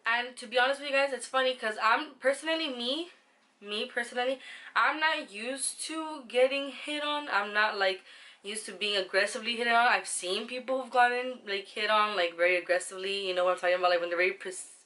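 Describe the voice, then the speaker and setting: A young woman tells a personal story to her viewers in a casual vlog. Her voice is bright and forward. She rambles, slips into slang and swears now and then. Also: on the high side, a little fast. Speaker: vlogger.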